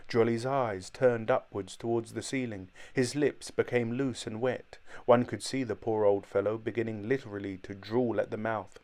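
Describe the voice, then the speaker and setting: A man reading an audiobook as narrator, in measured, even storytelling. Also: on the low side. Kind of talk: scripted narration.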